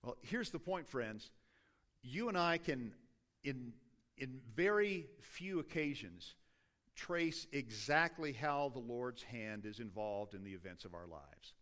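A man's voice: mid-range voice, animated, slow, fairly bright tone. A middle-aged man preaching a sermon in a conversational, self-deprecating way, stopping often to restart his sentences. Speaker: pastor.

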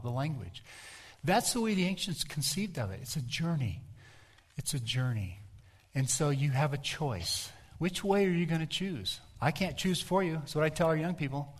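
Conversational man preaching a sermon. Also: medium pitch. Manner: conversational storytelling preacher, asks the congregation direct questions. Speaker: pastor.

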